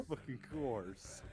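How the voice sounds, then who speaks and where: A man playing in a tabletop game, wry and quick to joke. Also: medium pitch. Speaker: player.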